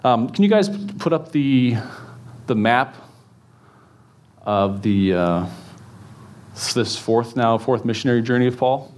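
A man's voice: mid-range voice, expressive, unhurried, long pauses, darkish tone. A man preaching a casual sermon, chatty and joking with the congregation, with many fillers and restarts. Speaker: pastor. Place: church in front of a congregation.

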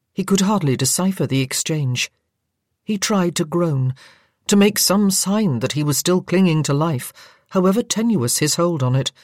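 Female audiobook narrator, measured delivery, close mic, dry studio. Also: deep voice, no room sound. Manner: measured, even-paced storytelling. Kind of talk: scripted narration. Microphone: close studio microphone.

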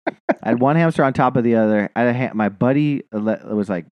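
A man's voice: mid-range voice, quick pace, no room sound, dull audio. A man co-hosting a podcast, telling rambling, profane, self-mocking stories in casual chat. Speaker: podcast co-host.

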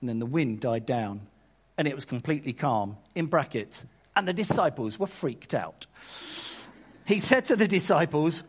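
Animated male preacher. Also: normal speed, breathy edge. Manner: animated, acting out scripture voices with sudden high bursts. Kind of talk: sermon.

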